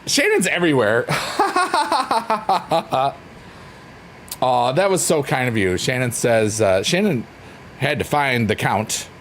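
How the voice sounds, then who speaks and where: A man hosting a relaxed livestream, chatting playfully and reading out messages from his viewers. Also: mid-range voice, normal speed, slight background noise. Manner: playful, silly, rambling, reads chat aloud. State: drained. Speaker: livestream host. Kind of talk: casual chat with live chat readers. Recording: faint piano music underneath.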